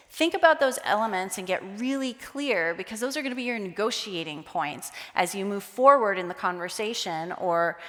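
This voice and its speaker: A woman giving a conference talk on stage, lively and acting out quoted voices. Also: mid-range voice, moderate pace, few pauses. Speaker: conference speaker. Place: conference hall. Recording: long hall reverb.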